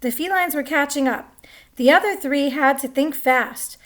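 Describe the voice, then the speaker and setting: A woman's voice: high-pitched, moderate pace. A woman reading a picture book aloud, chatty, stopping to comment on the pictures. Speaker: story reader.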